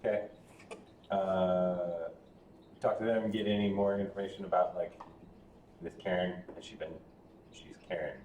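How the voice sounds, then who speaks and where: A man playing a tabletop game, joking and trailing off into a low mumble. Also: fairly even intonation, moderate pace, long pauses, a little mellow. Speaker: player. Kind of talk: casual tabletop game chat. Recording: echoey room, faint hum.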